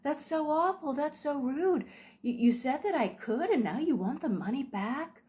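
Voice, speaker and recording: A woman's voice: high voice, animated, normal speed, mellow, voice pushed up. A woman voicing a manipulative, guilt-tripping psychopath who sounds self-pitying and dismissive. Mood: whiny. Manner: whiny, wounded and dismissive.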